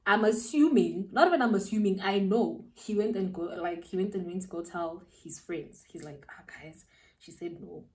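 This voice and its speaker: A young South African woman, a beauty vlogger, telling a story while doing her makeup, animated and slangy, laughing as she goes. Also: mid-range voice, moderate pace, few pauses, recorded from a distance.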